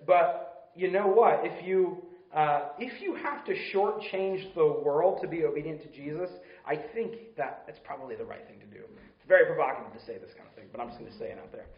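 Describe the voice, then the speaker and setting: A man's voice: a little high, lively intonation, fairly quick, roomy sound, highs cut off. A man preaching a sermon in an earnest, conversational way, often asking his listeners questions.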